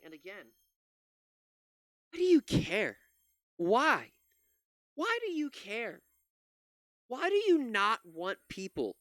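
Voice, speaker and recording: A man rants in angry reaction commentary, swearing freely and sounding exasperated. His pitch swings widely as he talks, and his voice stays smooth and clear throughout. The sound is dry and close. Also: a bit bright, no room sound. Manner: profane, exasperated ranting. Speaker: commentary channel host.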